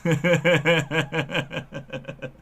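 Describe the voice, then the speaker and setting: A man's voice: fairly high pitch, fairly even intonation, extremely slow, creaky, a bit bright, husky. A man hosting his own channel, chatting casually and rambling at home with frequent laughs. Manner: laid-back, rambling, laughs a lot. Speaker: channel host. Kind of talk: casual stoner chat to camera. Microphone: headphones and desk mic.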